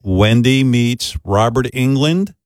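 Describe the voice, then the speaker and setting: A man hosting a radio talk show, crude and joking with deadpan asides. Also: medium pitch, measured pace, no echo, studio quality.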